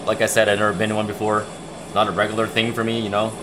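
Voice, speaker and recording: Casting: young male streamer, low voice, loose rambling storyteller, faint room noise behind. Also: completely flat delivery, racing. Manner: chatty, rambling, repeats himself. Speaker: livestream host. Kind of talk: casual livestream storytelling.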